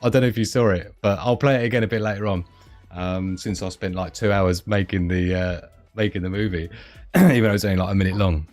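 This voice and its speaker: Low-voiced man chatting on a livestream. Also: fairly even intonation, a little fast, a little mellow, soft background music. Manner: rambling, chatty, reads out viewer comments. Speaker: livestream host. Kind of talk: casual livestream chat.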